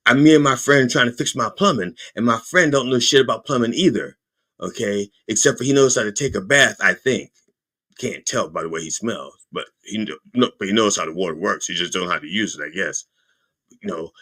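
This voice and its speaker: Husky, lively-voiced man riffing profanely. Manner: rambling, profane, jokey asides; puts on high mocking voices when quoting. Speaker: podcast host. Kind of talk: comedic political monologue.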